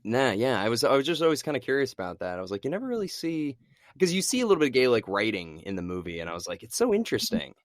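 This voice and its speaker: A man's voice: medium pitch, big pitch swings, rapid-fire, dry recording, studio quality. A young man co-hosting a podcast in casual chat, enthusiastic and laughing often. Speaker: podcast co-host.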